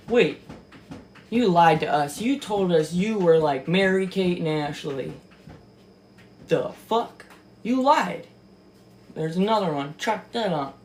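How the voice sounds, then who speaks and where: A woman giving casual reaction commentary on a book, mocking, profane and quick to exclaim and laugh. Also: on the low side, a little mellow, slight background noise. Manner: laughs often.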